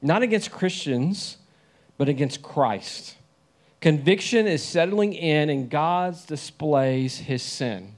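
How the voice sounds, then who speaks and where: Conversational preacher. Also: male voice, fairly high pitch, expressive, takes it slowly. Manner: conversational, asks the listeners questions. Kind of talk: sermon.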